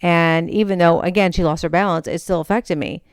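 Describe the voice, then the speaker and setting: A woman's voice: lowish voice, brisk, smooth, no echo, studio quality. Woman podcast host telling a story. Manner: animated, acts out quoted voices. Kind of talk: storytelling monologue.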